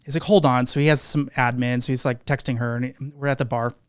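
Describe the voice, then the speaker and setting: On his podcast, a man tells a casual anecdote with animated energy, acting out each quote. His mid-range voice is clean and fast. The recording is dry and studio quality.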